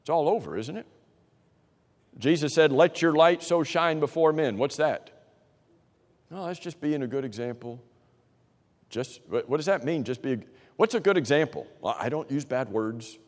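A man's voice: fairly high pitch, animated, normal speed, long pauses, darkish tone. A man teaching an interactive Bible class, questioning the group and repeating their answers in a conversational way, with restarts. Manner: conversational, with frequent restarts and fillers. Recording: long reverb in a hall.

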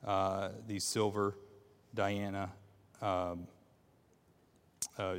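A man teaching a Bible class, reading scripture aloud in a halting way with many fillers and restarts, and asking his class questions. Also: sits low, little pitch movement, smooth. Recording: long reverb in a hall.

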